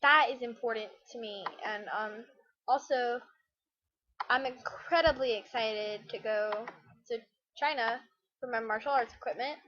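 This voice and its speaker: A chatty woman with a high, light voice talks loosely through her gameplay and wanders from thought to thought with self-deprecating asides. The audio is slightly muffled and lo-fi. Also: measured pace, fairly bright tone. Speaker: let's play gamer. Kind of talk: casual gameplay commentary.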